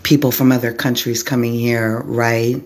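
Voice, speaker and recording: A woman from Arizona giving an impassioned vlog monologue to camera, speaking slowly and deliberately in short, clipped lists. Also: very deep voice, little pitch movement, darkish tone. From Arizona, USA. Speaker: vlogger, formerly homeless advocate.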